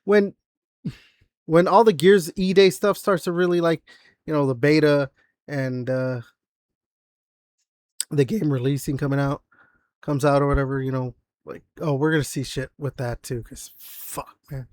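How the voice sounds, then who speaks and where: A man with a fairly high voice chats casually on a gaming podcast, rambling through loose sentences packed with fillers and frequent swearing. His voice sits close and dry on the mic, with no room sound around it. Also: fairly even intonation, measured pace, long pauses, darkish tone, dry recording. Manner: rambling, filler-heavy, profane. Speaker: podcast co-host.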